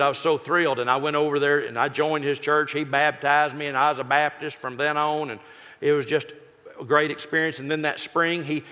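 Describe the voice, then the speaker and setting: A man, telling a folksy, joking personal story in a sermon. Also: a little high. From Texas. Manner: folksy, joking, lively delivery. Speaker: pastor. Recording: echoey hall reverb.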